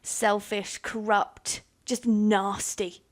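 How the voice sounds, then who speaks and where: A woman's voice: mid-range voice, level tone, extremely slow. A young British woman chatting casually as a YouTuber answering viewer questions, candid and self-deprecating, laughing often between fillers. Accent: British English. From United Kingdom. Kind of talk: casual Q&A chat.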